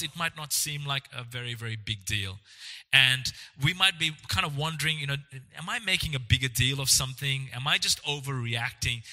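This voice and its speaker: A man's voice: on the high side, sharp tone. A man preaching a sermon as pastor, earnest and reassuring, often restarting his words. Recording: long hall reverb.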